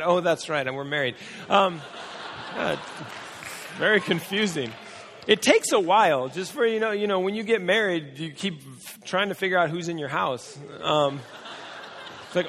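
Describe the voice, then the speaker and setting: American pastor guy, gravelly voice that keeps cracking, joking around in a sermon, big hall echo. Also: fairly high pitch, moderate pace, fairly bright tone. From United States. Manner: self-deprecating, chatty storytelling. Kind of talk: storytelling sermon. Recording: long hall reverb.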